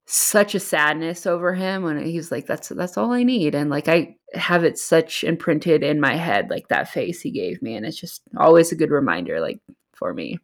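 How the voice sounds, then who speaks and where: A woman's voice: low-pitched, expressive, normal speed. A woman guest who works supporting at-risk youth, telling a moving story in a heartfelt way with many fillers. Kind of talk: emotional storytelling.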